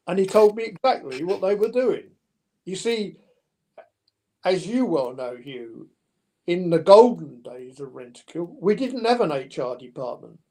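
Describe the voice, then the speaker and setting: An older man telling stories in an interview, lively and anecdotal, acting out the dialogue. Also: sits high, unhurried. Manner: anecdotal, animated, with mimicked dialogue. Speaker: podcast guest. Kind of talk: storytelling interview.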